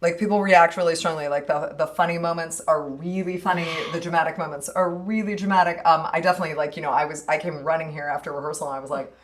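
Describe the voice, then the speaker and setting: A woman's voice: low voice, steady tone, fast talker, few pauses, background noise. A woman who is a stage actress and theater director, speaking in a casual interview with a thoughtful, hesitant manner and many fillers.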